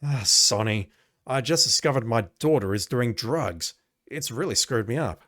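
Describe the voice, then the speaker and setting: A man's voice: mid-range voice, animated, moderate pace, a bit bright, no echo, studio quality, natural voice. Male gamer doing a self-pitying game cop, mournful and a bit strained. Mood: glum. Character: gloomy, depressed middle-aged male cop.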